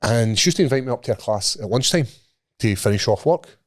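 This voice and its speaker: A man's voice: mid-range voice, animated, fast talker. A Scottish man co-hosting a podcast, telling a sweary, laughing anecdote and putting on the voices of the people in it. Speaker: podcast co-host. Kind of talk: casual storytelling.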